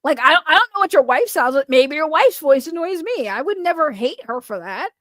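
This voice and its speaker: A woman streaming casual commentary, rambling and stammering as she repeats her words, with a high, distinctive voice. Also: big pitch swings, a little fast, a bit bright, dry recording, clean studio sound. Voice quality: high, distinctive voice others find grating. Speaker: streamer reacting to chat.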